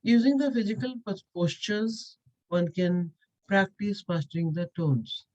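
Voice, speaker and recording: A woman teaches a language lesson, walking her listeners through each point with patient repetition and plenty of "uh"s. Her voice is mellow and dark rather than bright. The recording is dry and a little dull, with a lo-fi edge. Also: mid-range voice, expressive, unhurried, no echo. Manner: patient, repetitive, explaining step by step with frequent "uh". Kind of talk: explanatory lesson with Q&A.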